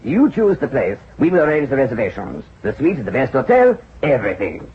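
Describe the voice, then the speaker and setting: An actor playing a flamboyant, smooth-talking financier in a vintage radio drama, expansive and persuasive. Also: male voice, mid-range voice, brisk, slight background noise. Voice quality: expansive, persuasive, lively intonation. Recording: dull old radio drama recording.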